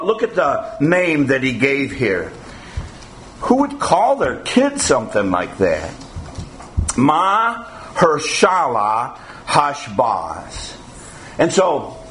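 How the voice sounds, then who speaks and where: A man's voice: on the high side, fairly bright tone. A man preaching a sermon as pastor, folksy and digressive, full of asides, who keeps repeating "again" and "uh". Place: church sanctuary. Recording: echoey church hall, faint room noise.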